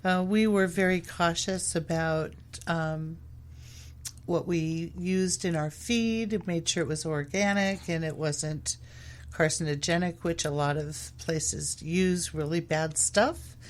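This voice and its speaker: A woman's voice: on the low side, steady tone, slow pace. Hesitant woman guest, plenty of ums. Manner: hesitant, many ums and uhs. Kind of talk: casual chat.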